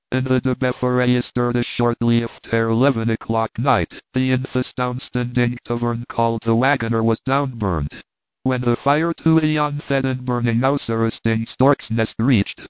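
A man giving a scripted narration of a humorous essay in a steady, measured reading style. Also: mid-range voice, clean tone, no echo. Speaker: audiobook reader. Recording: dry, phone-like narrow band.

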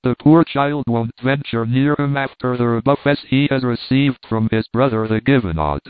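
A man narrating a storybook in a slow, measured, even reading. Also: mid-range voice, clear, resonant tone, no room sound. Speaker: audiobook narrator. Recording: thin phone-like dry sound.

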